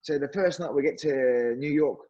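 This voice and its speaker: A man's voice: fairly high pitch, normal speed, lo-fi sound. A man with an Australian accent telling a casual anecdote as a podcast guest, acting out what others said. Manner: animated anecdote teller, acts out quotes. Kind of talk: casual storytelling.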